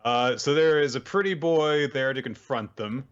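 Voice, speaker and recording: A man's voice: medium pitch, normal speed, dull audio. A man hosting a podcast, casually recapping manga chapters in a rambling, wry way with lots of fillers. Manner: rambling summary full of "uh" and "like," wry asides. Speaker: podcast host.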